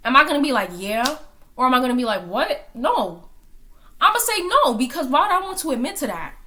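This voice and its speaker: A woman's voice: sits high, big pitch swings, rapid-fire, bright, forceful tone. A woman giving a blunt, heated opinion in a commentary vlog, hammering her points with rhetorical questions and swearing. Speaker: commentary vlogger.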